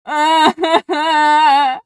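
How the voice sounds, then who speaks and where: A woman streaming a game, reacting excitably with swearing, rants and laughter. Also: high voice, drawn-out words, no echo, studio quality. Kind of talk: let's play commentary.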